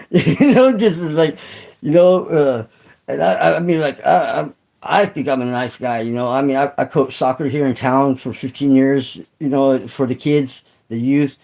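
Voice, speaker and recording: This channel host, a middle-aged man, speaks at a moderate pace in a mid-range voice over a rough recording. Chatting casually with his livestream audience, he rambles and swears, full of fillers and false starts.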